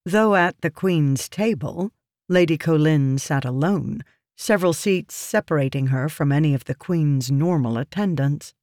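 A narrator reading a fantasy novel aloud in a measured, deliberate manner. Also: medium pitch, a little mellow, dry recording, clean studio sound. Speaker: audiobook narrator.

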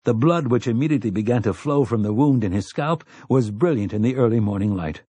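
A man reading a novel aloud as an audiobook narrator in measured storytelling. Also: medium pitch, mellow, slightly rough, no echo. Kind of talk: scripted narration.

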